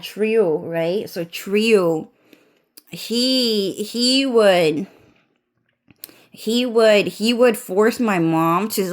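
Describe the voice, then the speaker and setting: A young woman with a congested, runny nose, telling a rambling story that is full of swearing, fillers and restarts. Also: medium pitch. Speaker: vlogger.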